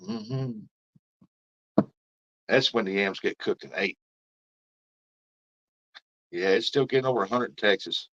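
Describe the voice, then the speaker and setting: A fairly low-voiced man hosting a fishing live stream, talking in a loose, rambling way and reading viewer comments aloud. The audio is dull and lo-fi, like a basic stream mic. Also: a little slow, long pauses, fairly bright tone. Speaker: fishing livestream host. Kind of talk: casual live-stream chat.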